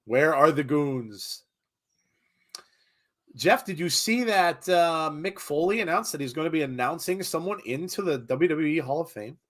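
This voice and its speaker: A man's voice: a little high, animated, measured pace. A middle-aged American man chatting through a live wrestling watch-along. He rambles with lots of fillers and reads viewers' comments aloud as he goes. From United States. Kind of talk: casual live commentary chat.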